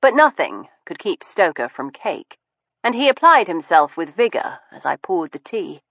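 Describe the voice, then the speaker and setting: A woman's voice: on the low side, sing-song, moderate pace, dry recording. A woman narrating a period mystery audiobook in the first person, arch and precise in manner. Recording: dull, muffled studio recording.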